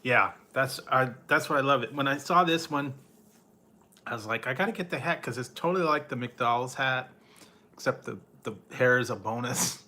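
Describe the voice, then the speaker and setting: A man hosting a casual live stream, chatting with viewers in a relaxed, rambling way while eating and drinking. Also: medium pitch, normal speed. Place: home.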